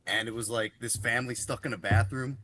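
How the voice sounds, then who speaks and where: A man's voice: medium pitch, steady tone, fairly quick, sharp tone, slight background noise. A man co-hosting a podcast, rambling through a story with lots of fillers and casual swearing. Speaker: podcast co-host. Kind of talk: casual chat.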